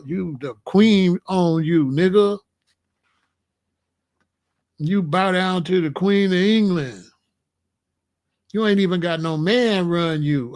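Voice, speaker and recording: A man from the United States giving a boastful, confrontational, profane monologue. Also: fairly high pitch.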